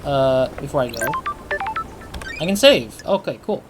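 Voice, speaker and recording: A man's voice: medium pitch, animated, moderate pace, long pauses, faint music behind. A man chatting casually as he plays a video game, thinking aloud. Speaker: let's player. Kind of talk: casual gaming commentary.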